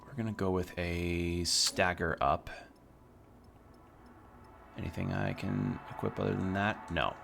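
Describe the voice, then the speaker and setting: A man's voice: low voice, flat delivery, unhurried, creaky, pauses often, a bit bright, a little hiss or hum. A man streaming a video game, chatting casually and swearing freely as he plays. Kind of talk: casual gameplay commentary.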